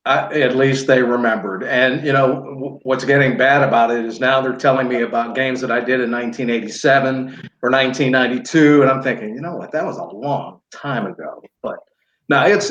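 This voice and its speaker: A middle-aged man, a guest sportscaster chatting modestly, halting and restarting often. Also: medium pitch, a bit bright. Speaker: guest play-by-play broadcaster. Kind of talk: casual podcast chat. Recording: roomy, dull remote audio.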